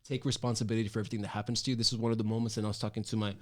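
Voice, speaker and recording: Man telling a story with animated emphasis. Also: on the low side, rapid-fire. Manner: animated, emphatic, many restarts and fillers. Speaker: podcast host. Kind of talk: casual storytelling.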